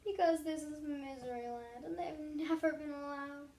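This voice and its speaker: A woman voicing a miserable storybook king who sobs and wails in a high, loud, crying voice that leaps all over the place. His delivery is slow and drawn out. It echoes around a roomy space. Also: animated, gravelly, heavily acted. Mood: sobbing. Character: weepy, wailing king of a gloomy land. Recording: roomy echo.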